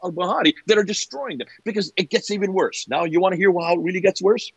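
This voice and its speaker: An older man giving an animated lecture-style talk, emphatic and repeating phrases for effect. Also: high voice, quick pace, breathy edge, dry recording. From United States. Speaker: guest speaker.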